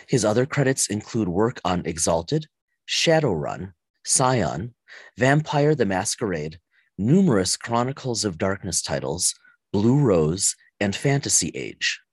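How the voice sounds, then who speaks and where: A man reads a scripted guest biography in an announcer's read-aloud manner. His low voice is husky and swings lively in pitch, and the recording is dry and close. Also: unhurried, no echo.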